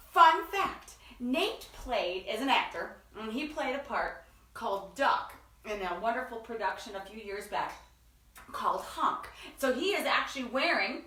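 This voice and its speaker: A woman hosting a children's story time, leading songs and call-and-response in an animated, sing-song way. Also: high voice, recorded from a distance. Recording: echoey room, voice away from mic.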